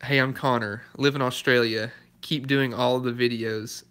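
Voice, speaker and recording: A man's voice: mid-range voice, steady tone, moderate pace, pushed and bright. A man running a casual live stream from his garage, reading viewer comments aloud and chatting in a laid-back way. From Southern United States. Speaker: car restoration YouTuber. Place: garage workshop.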